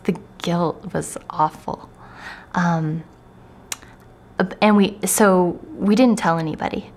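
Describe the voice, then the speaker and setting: A woman in her twenties giving a candid documentary interview, soft-spoken and hesitant, with many pauses and fillers. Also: lowish voice.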